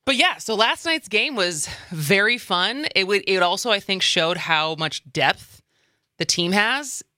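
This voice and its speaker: A woman's voice: medium pitch, expressive, unhurried, pushed and bright, dry recording. Chatty Midwestern woman on talk radio. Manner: chatty, rambling, laughs often. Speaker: radio talk show co-host. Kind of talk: casual talk radio chat. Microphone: studio microphone.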